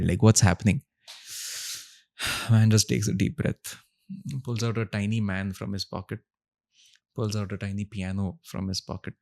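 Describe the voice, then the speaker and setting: Laughing, animated man telling stories. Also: lowish voice, vocal fry. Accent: Indian English. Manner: animated storyteller, laughs often. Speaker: podcast guest, musician. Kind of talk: casual podcast chat.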